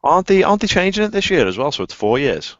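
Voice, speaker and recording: A man's voice: a little high, big pitch swings, quick pace, no room sound. A man chatting casually on a group call, laid-back and self-mocking. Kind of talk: casual group chat on a live stream. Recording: dull lo-fi call audio.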